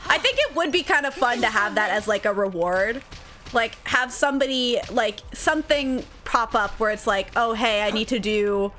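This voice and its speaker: A woman chatting casually on a game livestream, giggling often between her remarks. Her voice sits high, with game music faintly in the background. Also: bright, forceful tone. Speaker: streamer.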